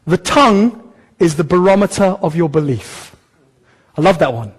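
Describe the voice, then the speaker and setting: A male pastor delivering a sermon in a high, lively voice. He preaches animated and direct, slipping into short acted-out voices to make his points. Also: normal speed, slightly rough, in a large hall, low-quality recording. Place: church hall.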